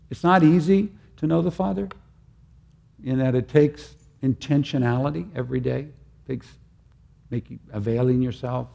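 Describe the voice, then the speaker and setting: An older man preaching a sermon in an earnest, halting way, often restarting his phrases. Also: mid-range voice, vocal fry, warm tone.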